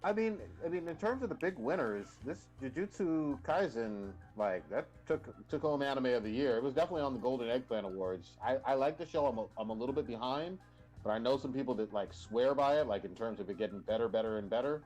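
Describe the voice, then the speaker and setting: A man's voice: medium pitch, lively intonation, fast, darkish tone. A man with a mid-range voice co-hosts a casual livestream chat about anime. He talks freely, stumbling and restarting his sentences and swearing now and then. Faint music plays behind him. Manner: stammering restarts, chatty, swears. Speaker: livestream co-host.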